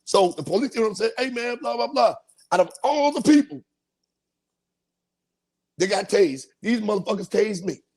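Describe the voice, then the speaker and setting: A man's voice: high voice, animated, moderate pace, pauses often, warm tone, slightly rough. A man hosting a podcast, telling a profane comic story and acting out voices and sound effects. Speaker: podcast host.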